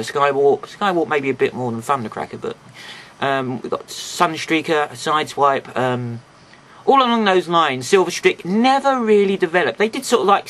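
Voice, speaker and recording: A man talks through a toy review in a loose, chatty way, full of jokey asides. His voice is bright and a little raised in pitch, swinging up and down a lot. A stuffy nose gives it a slightly nasal edge.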